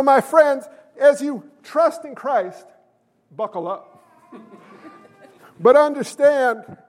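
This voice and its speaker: A pastor preaching a sermon, animated and jokey, bursting into shouted emphasis. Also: male voice, extremely high pitch, in a large hall.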